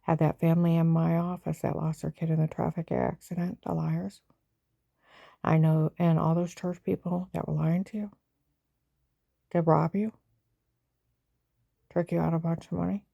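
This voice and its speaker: A woman's voice: deep voice, flat delivery, moderate pace, gravelly, long pauses, no echo, muffled recording. A woman giving an agitated, rambling personal account and acting out what other people said. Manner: agitated, rambling retelling that acts out others' lines.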